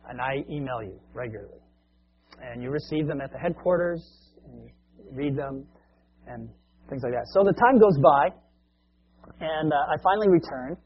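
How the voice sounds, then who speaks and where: A male preacher telling a long story as a sermon illustration, in a conversational, animated way, on a muffled lo-fi recording. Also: a little high, slightly rough.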